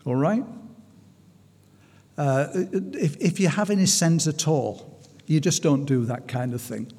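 High-voiced male preacher in a reverberant hall. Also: darkish tone. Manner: restarts and stumbles, slows for emphasis. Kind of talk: sermon.

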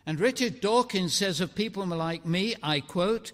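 A man delivers a sermon in a fairly high voice, rising to loud declarations and dropping to near-quiet. His words ring out with a long reverb, as if spoken in a large hall or church. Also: unhurried. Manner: dramatic preaching, swinging between loud and hushed. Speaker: preacher.

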